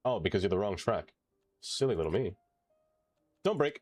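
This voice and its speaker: A man's voice: low-pitched, big pitch swings, normal speed, long pauses, darkish tone, slightly rough, no room sound, soft background music. A man streaming a city-building game, chatting casually with viewers, singing along and joking. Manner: playful, singing along and doing silly voices. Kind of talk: casual gameplay commentary.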